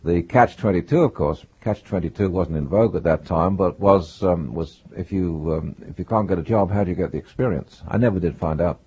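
An older man with a husky, low voice recalls his past in an interview. His accent mixes British and North American sounds. He talks haltingly, full of fillers, and the recording is dull and lo-fi. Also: darkish tone. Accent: mixed British and North American. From England. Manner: hesitant, many fillers. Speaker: guest, writer.

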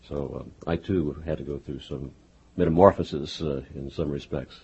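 A man hosting a radio interview, asking questions in a relaxed, halting way. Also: very deep voice, husky, lo-fi sound. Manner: conversational, hesitant.

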